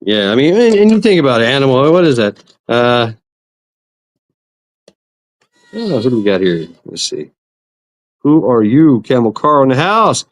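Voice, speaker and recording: A man's voice: mid-range voice, sing-song, measured pace, long pauses. A man hosting a casual livestream, rambling and swearing as he greets chat viewers. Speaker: livestream host. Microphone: computer mic for online stream.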